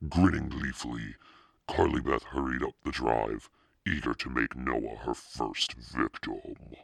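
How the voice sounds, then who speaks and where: Very deep gravelly male narrator. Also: fairly even intonation, measured pace, a bit bright. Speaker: audiobook narrator. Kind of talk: scripted narration.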